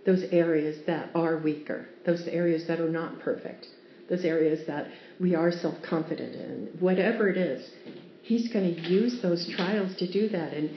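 A woman with a fairly low voice gives an earnest devotional teaching and weaves in personal stories. The recording sounds roomy and a little dull, with a faint ambient hum behind her. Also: moderate pace. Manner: earnest, warm storytelling with laughs. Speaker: Bible teacher.

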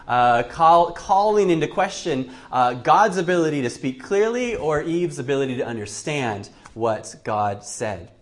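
A male preacher giving a Bible teaching sermon, thinking aloud with frequent restarts. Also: a little high. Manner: thoughtful, with frequent restarts and fillers.

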